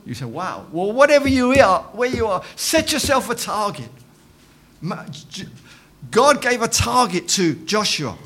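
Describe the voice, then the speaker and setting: A man's voice: extremely high pitch, sing-song, a little slow, a bit bright. A man preaching a sermon in church, emphatic, repeating his phrases and calling for amens.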